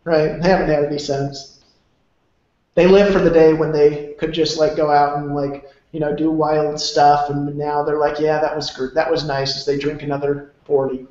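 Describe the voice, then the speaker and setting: Man, motivational talk, rambling and emphatic, fairly high voice, heavy echo, dull lo-fi sound. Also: little pitch movement, moderate pace, darkish tone. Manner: emphatic, rambling, salty language. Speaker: motivational speaker. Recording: very echoey, dull lo-fi room sound.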